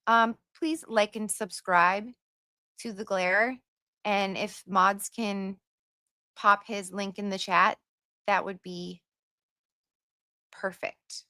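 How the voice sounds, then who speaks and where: Slow-talking, gushing woman livestreamer. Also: mid-range voice, fairly even intonation, sharp tone, no room sound, clean studio sound. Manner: gushing and chatty, sings little filler tunes. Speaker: livestream host. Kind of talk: casual livestream chat reading comments.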